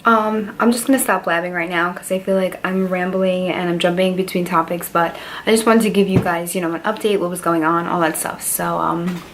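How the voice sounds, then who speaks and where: A woman's voice: lowish voice, fairly even intonation, brisk, few pauses, background noise. A woman in her twenties talking candidly to camera in a personal vlog, rambling and heartfelt, with lots of fillers. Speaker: beauty vlogger.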